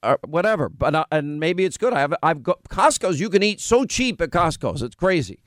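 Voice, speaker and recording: A man's voice: a little high, big pitch swings, dry recording. A man from Long Island with a faint New York accent, hosting a radio talk show in casual, bantering chat. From Long Island, United States. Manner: chatty, bantering, quick asides.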